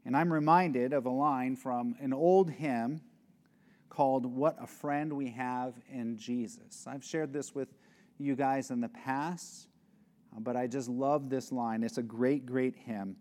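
Mellow-voiced man preaching earnestly. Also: mid-range voice, steady tone. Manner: earnest, emphatic preaching with slowed stressed phrases. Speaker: pastor. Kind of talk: sermon.

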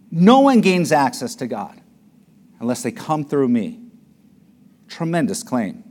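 A man preaching with a voice pitched a little above most men. He delivers his sermon emphatically, swelling to loud, ringing declarations and then dropping low and quiet. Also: expressive, a little slow, pauses often.

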